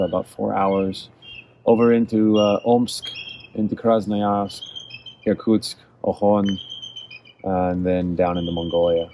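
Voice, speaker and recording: A man's voice: lowish voice, warm tone, slight background noise. A man from California answering interview questions as a guest, telling travel stories in a reflective, enthusiastic way. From California, USA. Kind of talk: casual interview conversation.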